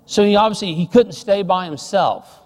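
A middle-aged man preaching a sermon, telling a family story and dropping soft and slow on serious points. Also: high-pitched, big-room sound.

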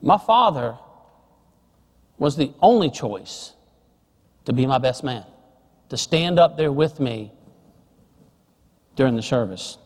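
A middle-aged man preaching a sermon, telling a family story and dropping soft and slow on serious points. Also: medium pitch, animated, big-room sound.

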